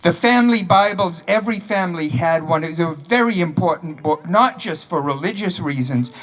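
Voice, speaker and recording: High-voiced man telling local history. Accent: New England. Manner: lively storyteller with dry humor. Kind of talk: storytelling speech at a town ceremony.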